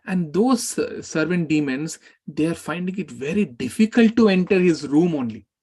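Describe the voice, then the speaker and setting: A man who teaches a scripture class, retelling an epic in a lively way and speaking the characters' words aloud. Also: a little high, moderate pace, slightly rough.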